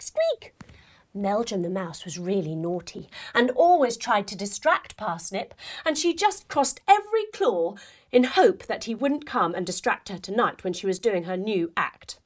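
A young adult woman telling a playful children's story while guiding a yoga class, with expressive delivery and movement cues. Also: a little high. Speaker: kids yoga teacher and storyteller.

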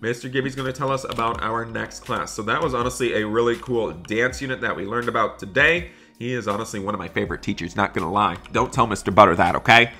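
A man hosting a gaming channel, talking excitedly to viewers while role-playing a school day in a game. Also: lowish voice, quick pace, few pauses. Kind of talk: Roblox role-play commentary.

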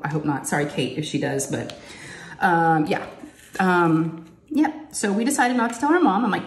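Chatty woman in an echoey room. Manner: chatty storyteller who acts out quotes in a higher voice. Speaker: crafting vlogger. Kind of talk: casual chat while diamond painting. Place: home craft room. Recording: echoey room, faint noise.

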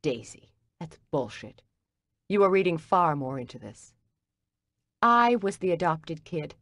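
A woman's voice: lowish voice, very animated, measured pace, a bit bright, dry recording. A woman reading an audiobook, voicing a hurt, angry man who speaks in a brusque, cutting way. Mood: arguing. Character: angry wounded man arguing with his ex.

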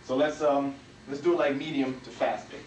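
Male martial arts instructor, mid-pitch, demo narration, echoey hall, off-mic. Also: fairly even intonation, moderate pace, heavy background noise. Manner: talks while demonstrating moves, punctuated with "bam" and "boom". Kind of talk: demonstration walkthrough. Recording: echoey room, from a distance.

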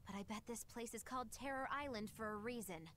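A woman's voice: a little high, quick pace, fairly bright tone, a little hiss or hum, close to an everyday voice. A woman voicing a seasoned pirate woman who talks in a dry, teasing, cautionary way in game dialogue. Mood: wry.

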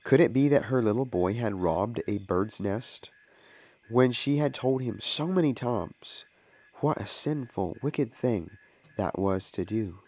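A man's voice: on the low side, lively intonation, a little slow, a little mellow, poor audio. A man who is a minister, reading a children's story aloud as narration.

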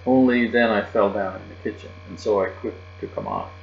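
A man reads a children's book aloud in a childlike first-person storytelling voice. His voice sits low. The audio is dull and lo-fi, recorded in a roomy space with a faint mains hum behind it. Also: wildly swooping pitch, fairly quick, creaky. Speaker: audiobook reader.

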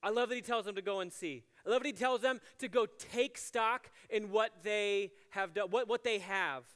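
A man's voice: sits high, normal speed, a bit bright. A man giving a casual, conversational sermon as a chapel ministries director, chatty with many "like" fillers and playful asides. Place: university chapel. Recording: long hall reverb in a chapel.

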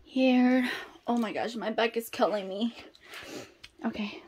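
A woman vlogging an unboxing in a casual, chatty way. Her voice sits a little high and her pace is slow and easy, with bursts of gasps and squeals at every surprise. Between reveals she drops to soft, almost whispered murmurs. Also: a little hiss or hum. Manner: excitable, gasping and squealing over each reveal.

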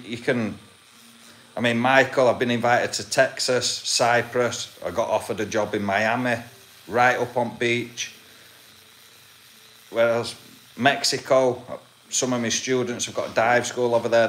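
A man's voice: medium pitch, fairly bright tone, a little hiss or hum. Chatty man. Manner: chatty, greets viewers. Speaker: tattoo artist and video host. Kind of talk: casual chat.

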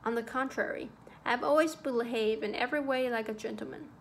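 A woman's voice: on the high side, a little fast, vocal fry, slight background noise. A woman voicing a fussy, anxious, old-fashioned male schoolmaster who lectures primly and frets. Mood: anxious lecturing. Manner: agitated, prim and lecturing.

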